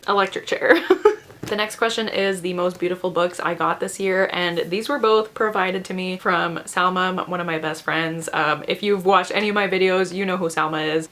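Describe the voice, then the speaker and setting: A woman's voice: lowish voice, fairly bright tone. A young woman chatting casually to camera as a book vlogger, gushing and laughing often, with many fillers.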